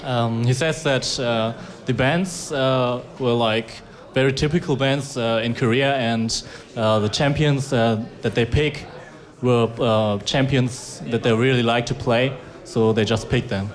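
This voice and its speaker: A male interpreter relaying questions and answers, halting in English. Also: mid-range voice, steady tone.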